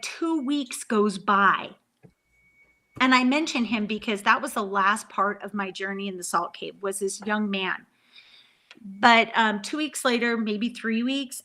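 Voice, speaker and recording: A woman's voice: a little high, pushed and bright. Earnest rambling middle-aged woman. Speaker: live stream host. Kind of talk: casual storytelling.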